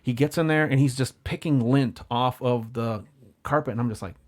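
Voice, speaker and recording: A man of ordinary middle pitch spins rowdy stories from his limo-driving days, cursing often and slipping into quick impressions of his passengers. His delivery stays loose, chatty and unscripted. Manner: profane, animated, acts out quotes. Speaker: podcast guest, former limo driver. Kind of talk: casual storytelling chat.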